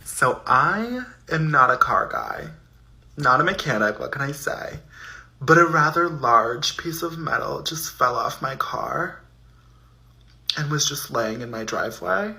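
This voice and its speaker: Guy deadpanning to camera, gravelly and kinda bright, wry. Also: mid-range voice, lively intonation, measured pace. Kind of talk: casual vlog.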